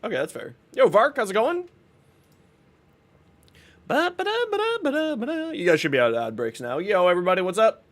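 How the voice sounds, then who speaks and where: A man's voice: high-pitched, very animated, fast talker, hardly any pauses. A man hosting a casual game livestream, greeting viewers by name and joking as he plays. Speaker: livestream gamer.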